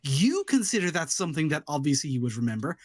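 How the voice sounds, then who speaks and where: A man's voice: on the high side, big pitch swings, fast, no room sound. A sarcastic man whose voice swings up and down a lot, cursing his way through a casual podcast chat. The recording is dry, with no room sound. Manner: sarcastic, profane. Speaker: podcast co-host. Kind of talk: casual movie review chat.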